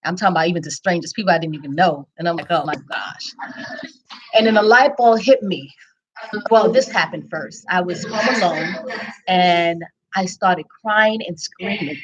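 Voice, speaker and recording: Woman, personal testimony, candid and reflective, lowish voice, loose unscripted delivery. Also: moderate pace, muffled recording. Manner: candid, reflective, frequent ums and restarts. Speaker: speaker sharing her story. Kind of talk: personal testimony, casual storytelling.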